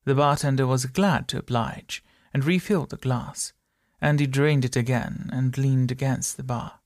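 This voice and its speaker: A man reads a story aloud at a steady, measured pace on a close studio mic. His mid-pitched voice has a gravelly texture, and the recording is dry, with no room sound. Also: no echo. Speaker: narrator. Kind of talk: audiobook narration.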